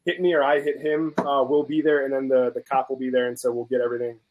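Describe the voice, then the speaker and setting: A man's voice: mid-range voice, level tone, quick pace, phone-quality sound. A man on a video call, casually telling a story with animation and acting out both sides of an argument. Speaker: guest on video chat. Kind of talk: casual chat.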